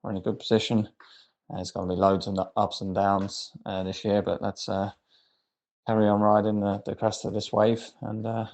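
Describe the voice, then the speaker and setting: A man leaving a hesitant voicemail about a football match, pausing on many fillers. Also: fairly low pitch, level tone, creaky, darkish tone. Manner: hesitant, lots of uhs. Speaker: voicemail contributor. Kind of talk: recorded voicemail.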